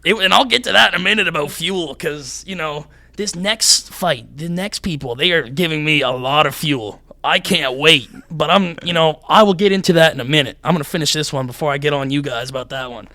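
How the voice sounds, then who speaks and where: A young man who is a fighter, a guest on a podcast, telling stories in casual chat in an animated, rambling way. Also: a little high, brisk, hardly any pauses.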